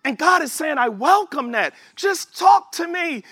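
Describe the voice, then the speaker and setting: Guy preaching, real high bright voice, dry sound, gets fired up and shouts. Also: lively intonation, a little slow, no room sound. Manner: impassioned, rising to shouts, conversational asides. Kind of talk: sermon.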